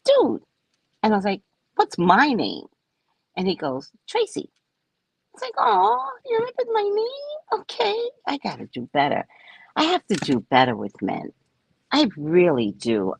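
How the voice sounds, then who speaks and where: A woman with a husky voice, close to the mic in a dry space, tells a personal story in casual talk. Her pitch swings widely as she acts out each side of the dialogue. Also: no room sound. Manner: animated, acts out both sides of dialogue. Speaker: podcast host.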